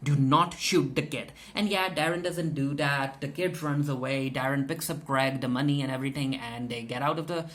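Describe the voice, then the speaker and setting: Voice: medium pitch, a little fast, hardly any pauses, a bit bright. A reviewer giving a chatty, casual episode recap, full of fillers and acted-out character lines. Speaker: TV show reviewer.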